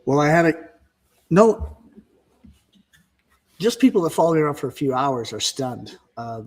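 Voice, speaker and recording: A man talking casually on a podcast, telling fast, animated stories about his busy workday. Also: fairly high pitch. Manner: fast, animated storytelling with exclamations. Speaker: podcast guest, fence business owner.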